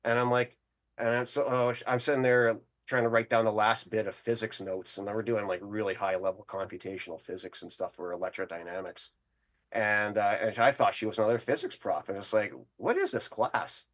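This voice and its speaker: A man's voice: lowish voice, steady tone, brisk, a bit bright. A Canadian man calling in to a show, telling a crude, boastful story in a rambling way and laughing along. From Winnipeg, Canada. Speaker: caller. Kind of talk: casual call-in storytelling.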